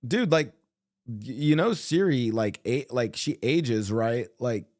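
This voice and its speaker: Lively, swearing male co-streamer. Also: medium pitch, slow pace, no room sound, clean studio sound. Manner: emphatic, swears a lot. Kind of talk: casual stream chat.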